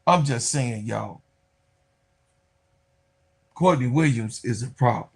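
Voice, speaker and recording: A man hosting a sports podcast, giving excitable, loud, casual commentary and talking straight to his viewers. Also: mid-range voice, slow, vocal fry, slightly rough. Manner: excitable, loud, chatty, talks to viewers as y'all.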